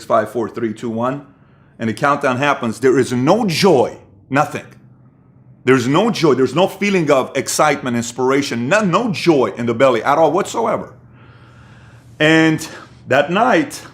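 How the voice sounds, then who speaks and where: A middle-aged man tells a personal story in a motivational talk. His voice sits at an everyday middle pitch, dropping to a hush and then snapping into sharp, emphatic bursts. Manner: emphatic, shifts from hushed to punchy bursts. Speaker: motivational speaker.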